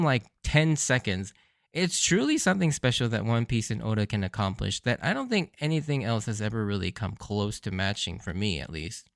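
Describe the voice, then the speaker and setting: A man's voice: mid-range voice, no echo, clean studio sound. A man hosting a podcast, recapping anime episodes in a casual, enthusiastic way and laughing often. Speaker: podcast host.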